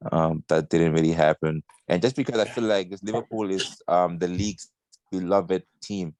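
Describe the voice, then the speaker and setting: Deep-voiced man talking football, hesitant. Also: moderate pace, a little mellow, no echo. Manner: hesitant, many ums and restarts. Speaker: podcast panelist. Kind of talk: casual football chat.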